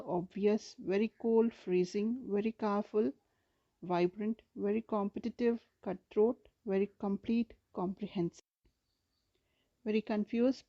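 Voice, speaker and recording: Woman teacher, mellow tone, steady list-reading delivery, dull lo-fi recording. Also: mid-range voice. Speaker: English teacher.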